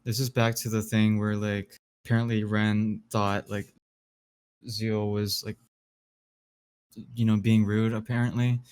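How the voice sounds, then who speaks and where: A man's voice: on the low side, level tone, measured pace, long pauses, a little mellow, smooth. A man in casual commentary who explains the background to chat messages, hesitating often and filling gaps with "like" and "you know". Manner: hesitant, filler-heavy, explanatory.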